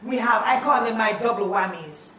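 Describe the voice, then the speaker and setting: Lively high-voiced woman teacher. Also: normal speed, slight background noise. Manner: animated and playful, calls out questions. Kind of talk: classroom spelling lesson. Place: classroom. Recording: echoey classroom, mic at a distance.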